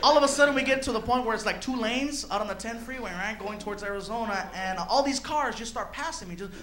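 A man tells a stand-up story, chuckling as he goes. His voice sits very high for a man. The recording is roomy and echoey, with noise underneath. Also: fast. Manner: animated, chuckles through his own lines. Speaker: stand-up comedian.

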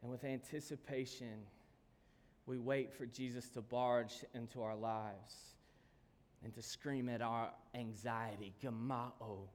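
A man preaching a sermon, telling stories and swinging from calm talk to sudden shouts. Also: medium pitch, a little slow. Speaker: pastor. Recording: long hall reverb.

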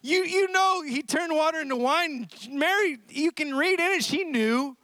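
A male pastor preaching a sermon at a church service, telling the story in an animated way and laughing often between lines. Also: very high-pitched, normal speed, no echo.

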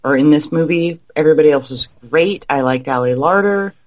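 A man co-hosting a podcast, giving blunt, opinionated takes on a movie. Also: on the high side. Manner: opinionated, blunt, quick to judge. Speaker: podcast co-host. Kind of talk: casual film discussion.

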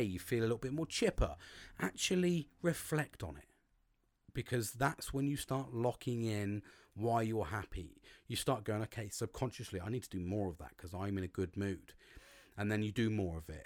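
A man hosting his own talk show, chatting casually and swearing a lot as he acts out his own thoughts. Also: mid-range voice. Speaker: podcast host. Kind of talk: casual monologue.

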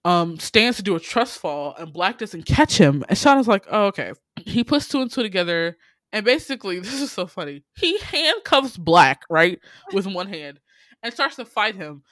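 A man casually recapping a TV series on a podcast, telling the story in lively bursts, acting out the characters' lines and swearing freely, with lots of "you know". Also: high voice, normal speed, dry recording, clean studio sound. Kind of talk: casual chat.

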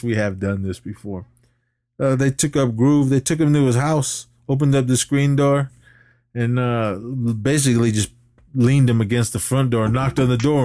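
A man's voice: mid-range voice, dry recording, clean studio sound. A man co-hosting a podcast, casually retelling a movie scene with frequent laughs. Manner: animated retelling, laughs often. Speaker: podcast co-host. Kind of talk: casual movie recap chat.

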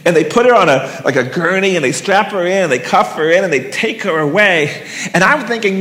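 A man telling a personal story live on stage, intense and halting, with emotional pauses. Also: sits high, lively intonation, a bit bright, big-room sound.

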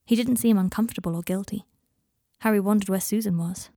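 A woman narrates a fan fiction audiobook in a measured, even voice. Her pitch sits mid-range. The recording is dry and close with no room sound. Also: no room sound.

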